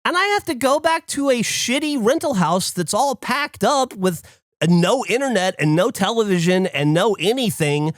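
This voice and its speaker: A man's voice: sits high, normal speed, no room sound, clean studio sound. A man co-hosting a podcast who tells a story in a casual, profane rant and acts out other people's lines. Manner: animated, profane ranting. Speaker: podcast co-host.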